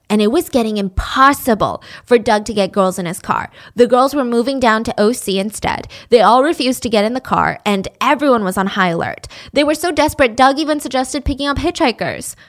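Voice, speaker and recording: A woman's voice: on the high side, lively intonation, brisk, few pauses. Chatty, sarcastic young woman storyteller. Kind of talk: casual true-crime storytelling.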